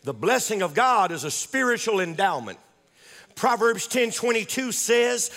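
A man's voice: high-pitched, very animated, a little slow, a bit bright, in a large hall. A man preaching a fervent sermon as pastor, repeating phrases and calling on the congregation to respond. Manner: fervent, repetitive, call-and-response.

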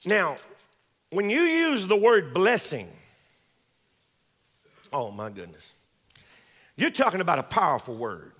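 A man's voice: high voice, big pitch swings, moderate pace, fairly bright tone, long reverb tail. A man preaching a fervent sermon as pastor, repeating phrases and calling on the congregation to respond. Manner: fervent, repetitive, call-and-response.

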